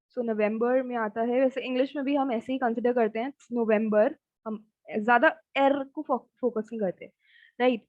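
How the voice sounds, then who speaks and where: A woman teaching a German lesson, speaking slowly and repeating each word several times. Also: on the high side, dry recording. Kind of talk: online language lesson. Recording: dull, dry lo-fi sound.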